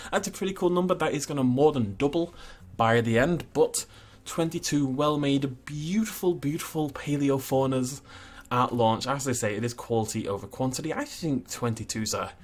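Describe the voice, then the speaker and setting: A man's voice: mid-range voice, normal speed. A man hosting a gaming channel, casually talking through video game news in a chatty, rambling way with asides and chuckles.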